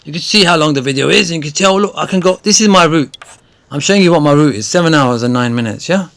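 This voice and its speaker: A man giving chatty, rambling gameplay tutorial commentary that often turns excited. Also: a little high, fast. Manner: chatty, rambling with many fillers, grows excited. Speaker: gaming video creator.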